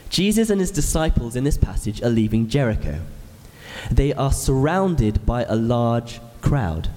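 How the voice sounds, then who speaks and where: A man's voice: mid-range voice, very animated, a little slow, dark tone, in a large hall. A man in his thirties, an ordinand, preaching a sermon in a church with earnest, explanatory storytelling. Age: 30s.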